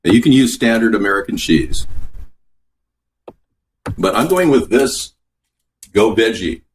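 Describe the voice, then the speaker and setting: A man runs a laid-back cooking stream from his own kitchen, talking through what he's doing and responding to viewer comments along the way. His fairly low voice is very animated yet unhurried, and there's a little hiss or hum.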